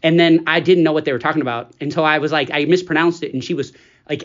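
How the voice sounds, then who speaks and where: Host, male, 40s, chatty and rambling, slightly raised pitch, dull lo-fi audio. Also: steady tone, fast talker. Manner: chatty, rambling, laughs often. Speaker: podcast host. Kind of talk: casual chat. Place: studio. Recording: dull lo-fi studio recording.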